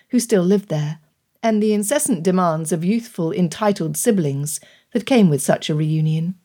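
With a fairly low pitch, a woman narrates an audiobook in a measured, even manner, following a script as she tells the story.

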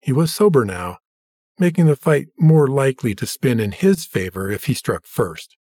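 Man narrating a story, husky and dry. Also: medium pitch, very animated, normal speed, darkish tone, no room sound. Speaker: audiobook narrator. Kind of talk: scripted narration.

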